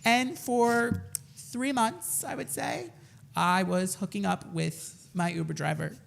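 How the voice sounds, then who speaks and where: A man's voice: high-pitched, slow, vocal fry, slight background noise. A man in his twenties, a podcast co-host telling a story in casual chat, self-mocking and laughing as he goes.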